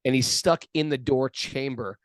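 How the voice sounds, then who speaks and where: A man's voice: mid-range voice, normal speed, no echo. A man co-hosting a spiritual podcast, telling a self-mocking story in a rambling, chatty way. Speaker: podcast co-host. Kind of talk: casual spiritual chat.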